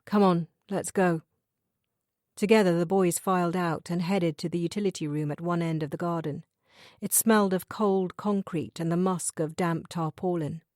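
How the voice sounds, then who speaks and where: Low-voiced woman narrating an audiobook. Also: no echo, clean studio sound. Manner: measured, even reading. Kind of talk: scripted narration.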